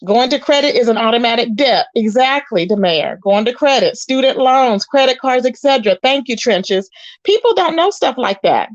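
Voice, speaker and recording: A woman's voice: on the high side, animated, normal speed, no echo. A woman doing casual live-stream commentary, reading chat aloud in a sassy way, calling viewers child and honey. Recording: dull lo-fi, dry.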